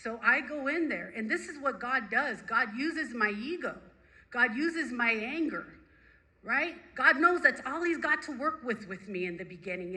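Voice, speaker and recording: A woman sharing her personal recovery story with a group, animated and emphatic, repeating phrases for effect. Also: on the high side, rough recording. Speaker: recovery meeting speaker.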